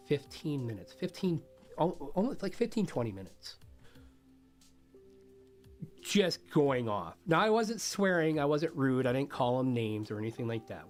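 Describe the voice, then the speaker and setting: A man streaming, telling a story casually to his chat, animated, swearing freely and laughing often. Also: medium pitch.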